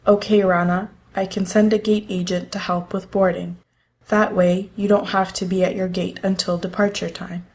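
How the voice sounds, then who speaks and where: A woman's voice: mid-range voice, little pitch movement, moderate pace, darkish tone, lightly acted. Woman voicing a cheery French-accented scheduler. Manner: cheery, helpful. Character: cheery female airline crew scheduler.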